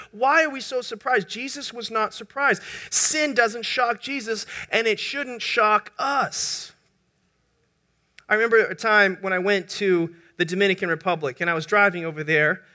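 A male pastor preaching a sermon in an animated way, joking with his congregation. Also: sits high. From United States.

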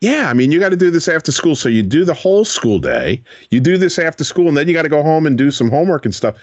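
A man's voice: on the high side, sing-song, fast talker, no room sound. A man hosting a radio interview show, asking children encouraging follow-up questions from a studio.

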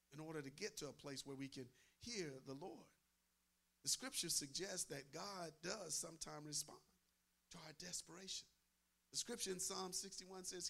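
Male preacher, high and gravelly, emphatic sermon delivery with repeated phrases. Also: sharp tone. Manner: emphatic, repeats phrases, asks the crowd "amen?".

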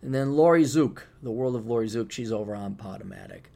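A man hosting a podcast alone, rambling in a sarcastic, casual monologue with sudden loud bursts, tired and just waking up. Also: on the low side, lively intonation, a little fast, vocal fry. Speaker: podcast host.

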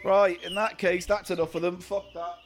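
Podcast host guy, deadpan, lists stuff off, bit of music behind. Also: sits high, moderate pace. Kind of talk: comedic podcast banter.

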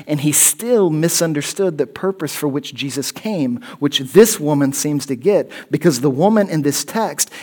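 Man preaching with rising emphasis. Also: a little high. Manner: emphatic preacher, repeats phrases and rises to loud questions. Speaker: pastor. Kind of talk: sermon.

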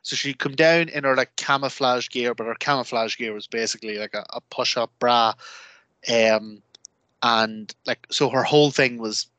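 A man, chatting on a podcast as co-host and telling animated stories that he acts out with quoted voices. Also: mid-range voice, normal speed, no echo. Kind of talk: casual chat.

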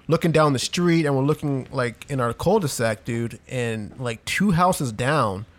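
A young man talking loosely on a podcast, piling "like" and "dude" into a rambling story. His voice sits at an ordinary middle pitch and he keeps the tone conversational. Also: a little slow. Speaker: podcast co-host. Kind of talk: casual chat.

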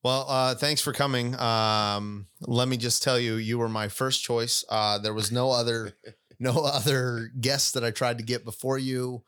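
A man's voice: medium pitch, fairly even intonation, unhurried, a bit bright, clean tone. A man hosting a podcast, chatting casually and joking, rambling with fillers and restarts. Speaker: podcast host.

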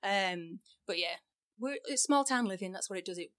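A woman's voice: medium pitch, lively intonation, moderate pace, a bit bright, no room sound, studio quality. Giggly middle-aged English woman. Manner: chatty, giggly, self-mocking. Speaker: podcast co-host. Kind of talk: casual chat.

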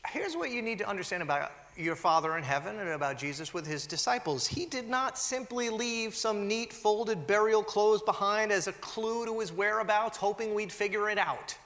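A man preaching in a church, his voice high and bright and swinging widely in pitch as he acts out every quote. His words ring out under a long hall reverb. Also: moderate pace, few pauses. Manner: animated storytelling, acts out quotes. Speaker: pastor. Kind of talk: sermon.

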